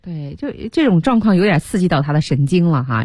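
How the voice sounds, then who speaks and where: A woman's voice: fairly low pitch, sing-song, quick pace, darkish tone, breathy edge, dry recording, studio quality. A woman hosting a bilingual radio English lesson, explaining with animation and mixing English words into her talk. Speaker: radio English teacher, host. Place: radio studio.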